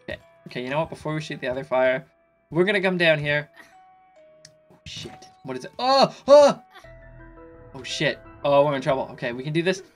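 A man's voice: a little high, very fast, faint music behind. Tipsy man yelping through a game. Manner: excitable, swearing, panicky outbursts. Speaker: gaming YouTuber. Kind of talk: casual let's play commentary.

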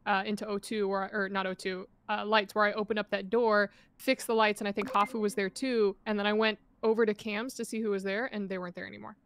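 A woman's voice: medium pitch, little pitch movement, fast talker, few pauses, fairly bright tone, slight background noise. A woman in an online game walking through her moves step by step. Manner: methodical recounting. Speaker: player. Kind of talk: casual game chat.

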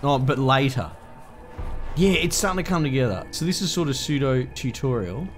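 A man riffs through a game in crude, jokey banter full of swearing. His voice sits at a middle pitch, and game music runs under him. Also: animated, normal speed. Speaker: gaming host. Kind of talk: let's play commentary.

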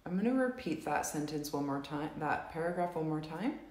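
A woman coaching a live tapping session, saying slow, repeated affirmations for viewers to echo. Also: sits low, animated, darkish tone. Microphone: live stream recording.

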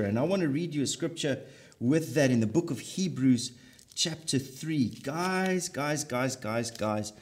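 A man's voice: on the high side, darkish tone. Emphatic man preaching. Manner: emphatic, repeats key phrases for effect. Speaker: pastor. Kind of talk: sermon.

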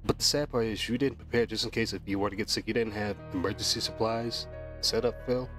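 Lowish male voice, mocking commentary, insulting and scornful, faint music behind. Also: steady tone, quick pace. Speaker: commentary video narrator.

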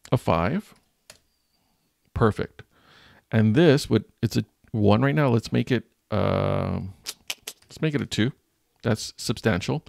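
A man's voice: on the low side, creaky, a little mellow, no echo, studio quality. A man who teaches, talking through a screen-recorded design tutorial in a jokey, self-mocking way while he thinks aloud. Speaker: teacher and channel host.

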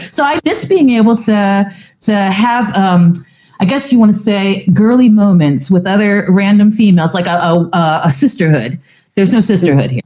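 A woman from Florida, a podcast guest chatting casually in a lively, blunt way and swearing freely. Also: medium pitch, normal speed, lo-fi sound. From Florida, USA. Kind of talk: casual conversation.

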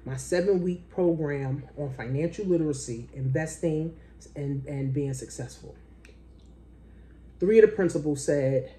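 A woman, a business coach, telling a story in a casual way. She swears freely and jumps into a high, excited voice when she quotes people. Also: unhurried.

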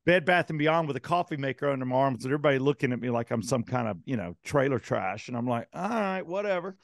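Gravelly guy rambling through a story on a podcast, swears a lot, dry close sound. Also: mid-range voice, fast talker, no echo. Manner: rambling, swears, animated retelling. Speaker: podcast co-host. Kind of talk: casual storytelling chat.

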